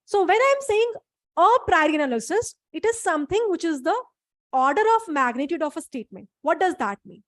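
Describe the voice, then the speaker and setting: A high-pitched woman lectures in a live online class. She explains each point step by step and stops often to check that her students follow. The sound is dry and close, with no room echo. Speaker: instructor.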